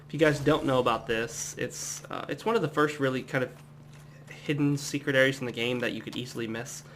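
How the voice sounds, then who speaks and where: A young adult man from the United States giving relaxed, rambling commentary as he plays a game at home. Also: mid-range voice, a little fast, a little hiss or hum. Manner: relaxed, rambling, chatty asides. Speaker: gameplay commentator. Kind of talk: casual let's-play commentary.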